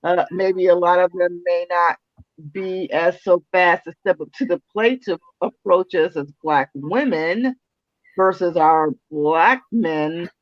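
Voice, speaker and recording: A woman's voice: on the low side, takes it slowly, no echo. A woman co-hosting a podcast in casual chat, talking hesitantly with many fillers. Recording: dry, dull lo-fi sound.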